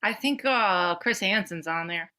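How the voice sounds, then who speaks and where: Bright-voiced blunt woman podcaster. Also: medium pitch, lively intonation, a little slow. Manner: blunt, playful, swears casually. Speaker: podcast co-host. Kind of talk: casual chat.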